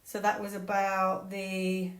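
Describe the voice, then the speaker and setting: A woman from the United Kingdom giving a casual solo tarot reading, musing aloud and breaking into excited, laughing exclamations. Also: mid-range voice, slow pace, roomy sound. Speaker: tarot reader.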